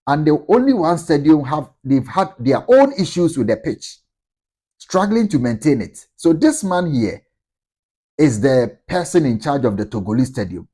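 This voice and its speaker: A man giving measured sports commentary, explaining a situation. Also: fairly high pitch, big pitch swings, warm tone, husky. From Ghana.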